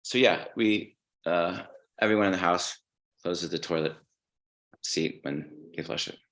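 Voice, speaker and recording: A man talking as a podcast guest, telling stories in a relaxed way and swearing casually. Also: low voice, unhurried. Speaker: guest musician.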